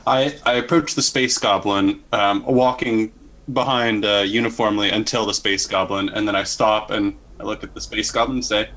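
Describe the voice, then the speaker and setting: A man with a low voice, chatting as a tabletop game player. He describes his moves step by step, casual and deliberate. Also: fairly even intonation, a bit bright, low-quality recording.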